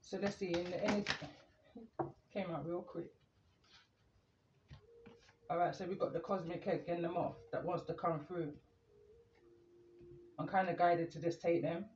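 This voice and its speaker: A man doing a calm, meandering tarot reading, reading the cards aloud as he draws them. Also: high voice, a little slow, long pauses, noisy background. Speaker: tarot reader. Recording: echoey room, muffled lo-fi sound.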